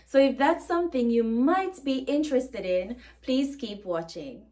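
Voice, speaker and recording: A woman with a Jamaican accent, from Jamaica, teaching a language lesson in a warm and clear way. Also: fairly high pitch, expressive, unhurried.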